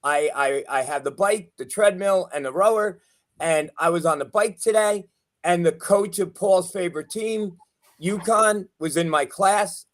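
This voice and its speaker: A high-voiced man hosts a casual sports chat over a video call. He teases his co-hosts and jokes about himself in a chatty, loose way. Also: a little slow. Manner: teasing, chatty, self-deprecating. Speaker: show host.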